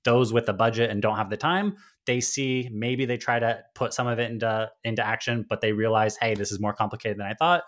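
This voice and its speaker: Low-voiced man talking shop casually. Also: fairly even intonation, brisk, hardly any pauses, fairly bright tone. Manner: conversational, many fillers and restarts. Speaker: podcast guest, agency founder. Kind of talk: casual interview talk.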